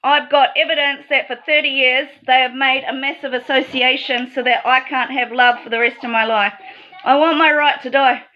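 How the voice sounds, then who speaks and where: A woman's voice: sits high, muffled recording. A woman delivering an aggrieved, accusatory monologue straight to the viewer. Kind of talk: emotional monologue to camera.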